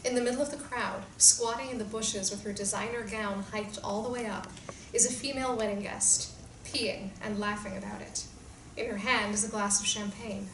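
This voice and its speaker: A woman narrates the stage directions of a screenplay in a clear, measured read at a middle pitch. The sound is roomy and distant, with noise clearly heard behind. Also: steady tone. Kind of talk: screenplay reading.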